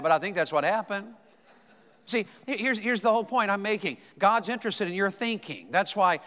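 A man from Tennessee with a Southern accent, preaching a sermon, telling folksy stories with quick asides and slow, emphatic lines. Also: sits high, bright, forceful tone. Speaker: pastor. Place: church auditorium. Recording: long hall reverb.

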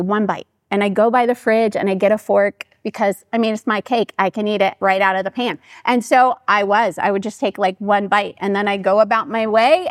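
A woman's voice: fairly high pitch, dry recording, clean studio sound. A middle-aged woman, a pastor's wife, giving a chatty storytelling talk to her church and acting out what people said. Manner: chatty and animated, acting out quoted voices.

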